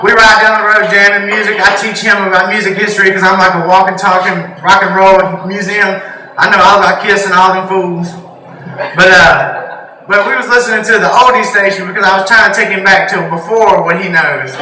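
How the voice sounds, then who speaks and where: A young man doing a stand-up comedy set in a small bar, rambling and laughing, with sudden shouts. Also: high-pitched, steady tone, fairly quick. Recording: echoey bar room, mic from far. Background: bar crowd noise.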